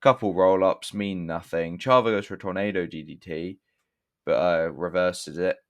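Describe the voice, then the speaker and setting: A young man with a deep, low voice. He talks through a wrestling show in a rambling way, swearing casually and often breaking off to correct himself. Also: normal speed. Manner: rambling, profane, self-correcting with restarts. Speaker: wrestling reviewer. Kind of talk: casual spoken review.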